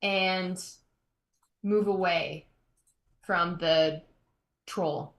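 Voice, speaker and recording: A woman's voice: on the low side, steady tone, extremely slow, highs cut off. Hesitant woman player, echoey room. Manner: hesitant, fillers while planning her turn. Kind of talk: tabletop role-play.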